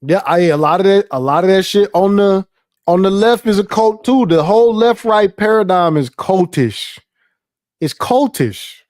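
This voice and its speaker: A man's voice: high-pitched, lively intonation, moderate pace, darkish tone, no echo, clean studio sound. Profane, rambling male livestream host. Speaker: live stream host. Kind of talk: casual livestream commentary.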